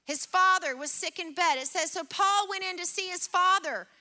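A woman delivers a sermon in a very high, bright voice. She talks to the congregation in an earnest, conversational way, retelling scripture in everyday words. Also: moderate pace. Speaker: preacher.

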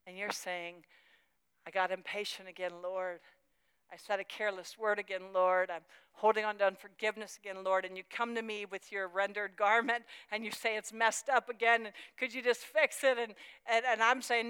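Bright, crisp woman preaching passionately. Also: medium pitch, little pitch movement, moderate pace, dry recording, poor audio. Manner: emotional, swings from hushed to impassioned. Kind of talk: sermon.

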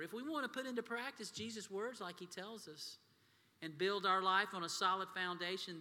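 Man, pastor, folksy sermon, very bright voice, long hall reverb. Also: sits high. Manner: folksy storytelling, addresses crowd as y'all.

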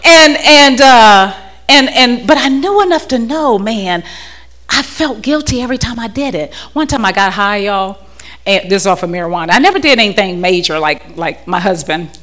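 Bright, lively woman giving a candid testimony. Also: medium pitch, moderate pace. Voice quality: frank and chatty, often laughing, repeats words as she restarts. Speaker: speaker giving a personal testimony. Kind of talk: candid, humorous church testimony. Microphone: handheld microphone.

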